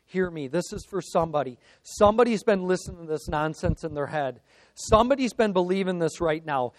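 A man's voice: high-pitched, lively intonation, brisk, no room sound. A man preaching a sermon, building through emphatic repeated phrases. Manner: preaching with rising emphatic repetition. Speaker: pastor.

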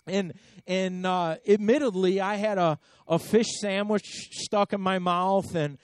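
High-voiced man preaching a storytelling sermon. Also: no room sound. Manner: conversational storytelling with repeated words and emphatic swells. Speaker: pastor.

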